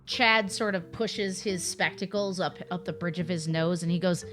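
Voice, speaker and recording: Bright-voiced woman running a tabletop game. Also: on the low side, normal speed, few pauses, faint music behind. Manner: lively, playful narration. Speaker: game master.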